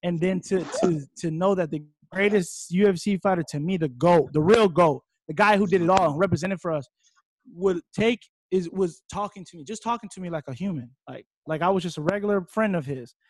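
A young man from Hawaii telling his story as a fighter in a casual interview, rambling and excitable, now and then bursting into loud shouts. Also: sits high, brisk, dry recording.

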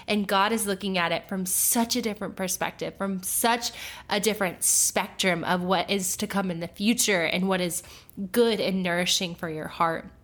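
A woman talks about faith on a podcast in a voice of middling pitch. She tells stories in an animated, chatty way and fills her sentences with fillers. The tone stays conversational throughout. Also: moderate pace. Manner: animated storytelling with frequent fillers. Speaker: podcast co-host. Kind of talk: casual faith chat.

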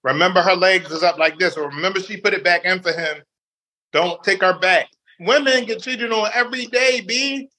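A man's voice: high voice, normal speed. A man chatting casually as a podcast guest, acting out quoted lines with lots of energy. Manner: animated, acts out quotes. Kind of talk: casual chat.

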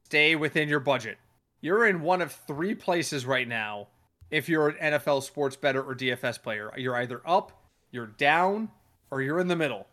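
A man hosting a casual sports podcast, talking in an animated way, swearing and acting out what other people said. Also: on the high side, normal speed. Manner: animated, swears, acts out quoted voices. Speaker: podcast host.

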